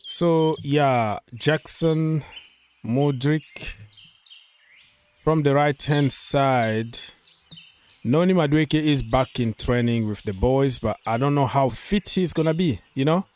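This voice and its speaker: A man's voice: medium pitch, slow pace, darkish tone, clean tone. A man hosting a casual football live stream, talking loosely, repeating himself and reading out viewer comments, with a delivery.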